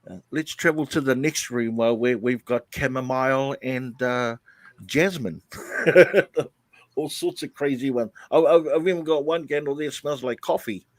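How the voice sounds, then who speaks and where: A man chatting on a live stream, halting often with fillers and restarts. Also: medium pitch, no room sound. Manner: hesitant, many fillers and restarts. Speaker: guest YouTuber. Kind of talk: casual live chat.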